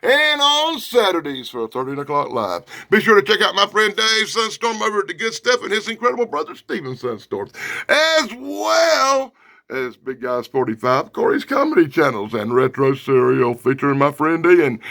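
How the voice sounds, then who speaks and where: A man reviews a comic book out loud with a sarcastic, animated delivery. His high, gravelly voice swings widely between loud outbursts and low grumbles. The sound is dry and close, with a sharp, bright edge. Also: normal speed, no room sound.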